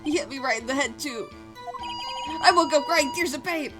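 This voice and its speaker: A woman's voice: high-pitched, moderate pace, music in the background, natural voice. A woman voicing a jittery, eager young male police officer who barks "sir" at the end of his lines. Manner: loud, ends lines with a barked "sir".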